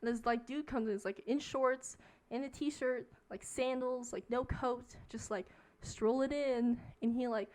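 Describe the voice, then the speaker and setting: A young woman with a high voice tells a long story in a casual, rambling rant while she plays a game on stream. She fills nearly every phrase with "like" as she goes. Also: steady tone, measured pace, a little mellow.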